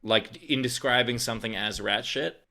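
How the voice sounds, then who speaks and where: A man co-hosting a podcast, answering questions casually with many fillers and pauses. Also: medium pitch, vocal fry, bright, forceful tone. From United States. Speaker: podcast co-host. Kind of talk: casual comedic chat.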